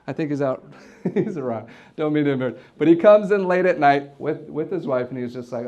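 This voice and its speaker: A man's voice: a little high, brisk, lo-fi sound. A man in his forties giving a motivational talk to a live audience, telling stories with energy and often repeating words as he builds up. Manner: energetic, storytelling, repeats words when excited. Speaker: event host and real estate team leader. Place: office event space with an audience.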